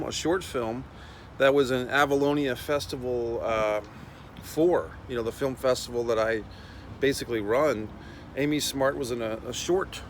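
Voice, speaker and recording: A man's voice: medium pitch, a little hiss or hum, low-quality recording. A middle-aged man hosting a casual, profane rant while walking outdoors. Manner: blunt, profane, rambling. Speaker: host.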